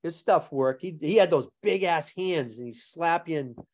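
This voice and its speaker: A man as a podcast guest, telling animated stories in casual talk, laughing often and acting out other people's lines. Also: a little high, moderate pace. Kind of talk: casual storytelling.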